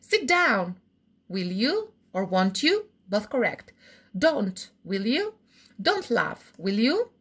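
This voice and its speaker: A woman teaching English grammar in a recorded lesson, explaining slowly and repeating examples while checking understanding. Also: mid-range voice, very animated, fairly bright tone, breathy edge.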